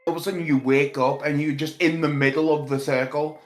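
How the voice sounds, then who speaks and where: A man's voice: fairly high pitch, steady tone, brisk, soft background music. A man chatting casually on his livestream, rambling through a silly story and swearing freely. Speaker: streamer.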